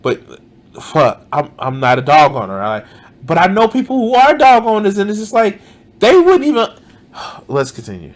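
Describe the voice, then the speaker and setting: A man reacting to a video, cursing in exasperation, trailing off mid-sentence and pausing the clip to comment. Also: sits high, huge pitch swings.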